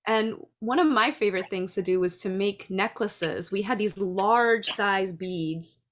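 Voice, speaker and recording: A woman's voice: mid-range voice, a little slow. Chatty middle-aged woman teacher. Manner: chatty, lively, acts out little voices. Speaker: dance and preschool teacher. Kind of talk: casual talk.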